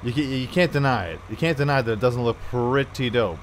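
A man's voice: medium pitch, brisk, a little hiss or hum. A man casually commenting on a farming game as he plays, chatting to himself and the game with jokey asides. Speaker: gameplay commentator.

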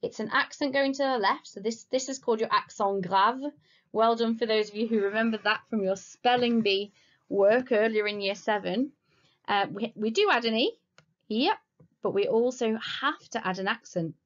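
A woman teaching a recorded school French lesson, explaining patiently and slowing down to say the French words clearly. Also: on the high side. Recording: slightly dull lo-fi recording.

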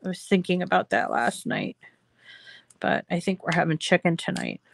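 A woman's voice: fairly low pitch, big pitch swings, normal speed, vocal fry. A woman hosting a casual craft tutorial, chatting to her viewers in a rambling way with many fillers. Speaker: craft show host.

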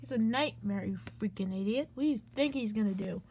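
A woman voicing a menacing nightmare fox monster in an amateur animated video, speaking in low, threatening taunts. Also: fairly quick, vocal fry, husky.

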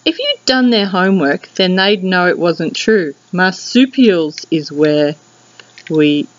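An Australian woman teaching young children, reading a picture book aloud in a lively, sing-song way. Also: takes it slowly, dull audio. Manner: lively, sing-song storybook reading with big pitch jumps. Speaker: primary school teacher.

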